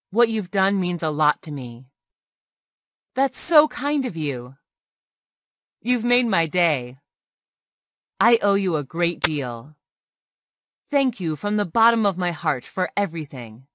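Woman tutor reading drill phrases, slow and clear, pitch moving a lot, dry close sound. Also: a bit bright, dry recording. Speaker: English tutor. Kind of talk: reading practice phrases aloud.

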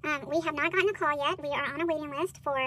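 A woman's voice: sits high, racing, a little hiss or hum. A woman hosting a budgeting vlog, chatting casually with many fillers while counting out cash. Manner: bubbly excited exclamations.

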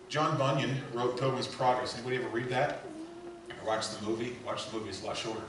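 A male pastor preaching a sermon, swinging between loud emphatic lines and quiet hushed asides. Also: mid-range voice, quick pace, background noise. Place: church sanctuary. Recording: echoey church hall heard from a distance.

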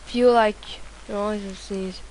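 A woman doing let's play commentary, excitable, swearing a lot and yelling at the game. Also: medium pitch, brisk, a little hiss or hum. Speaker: gameplay commentator.

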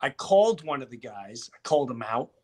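A middle-aged man telling a story in casual chat, animated and profane, acting out what others said. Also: mid-range voice, a little fast. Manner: animated, swearing, acts out quotes. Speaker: guest.

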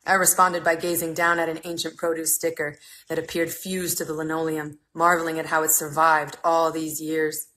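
A woman in her thirties reading a comic memoir aloud on a phone livestream. Her voice sits a little low but has a bright, forceful edge, and her delivery stays wry and dry. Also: completely flat delivery, normal speed, low-quality recording. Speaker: reader. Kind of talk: live reading of a humorous memoir. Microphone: phone mic.

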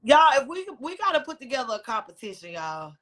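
High bright-voiced woman hosting a livestream. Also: very animated, a little fast. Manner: chatty and loose, drops slang. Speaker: livestream host. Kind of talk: casual live video chat.

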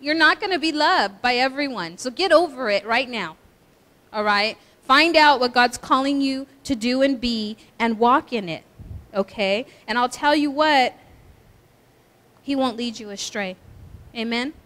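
A woman's voice: sits high, unhurried, a bit bright. A woman pastor preaching a sermon, direct and exhorting, asking her listeners for responses. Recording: long hall reverb.

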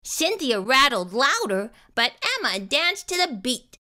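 A woman reading a children's picture book aloud in an expressive storytelling style. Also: high-pitched, slow pace, few pauses, background noise.

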